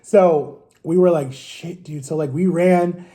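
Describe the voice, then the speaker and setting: A man's voice: a little high, takes it slowly, mellow. A man in his thirties telling a story in a loose, rambling way, swearing often and asking "right?" again and again. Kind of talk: casual storytime.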